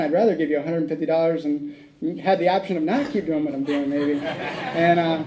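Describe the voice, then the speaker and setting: A man's voice: fairly high pitch, brisk, mellow, slight background noise, rough recording. A man speaking at a recovery meeting, telling a rambling personal story, acting out the dialogue and laughing at his own tale.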